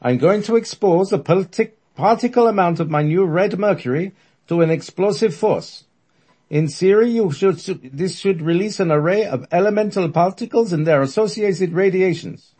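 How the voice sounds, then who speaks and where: A maniacal male scientist with a thick German accent, shouting commands up in a strained high register. A man with a husky voice acts him out. He lectures and bellows with wild glee. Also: moderate pace. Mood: manic lecturing. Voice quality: loud, barking, maniacal.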